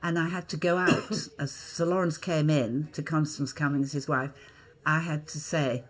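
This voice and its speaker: A woman's voice: sits low, unhurried. An older woman from Hull, an actress, recounts her stage years as a guest. Her telling is vivid and theatrical, and she keeps dropping into character voices. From Hull, England. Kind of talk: anecdotal interview storytelling.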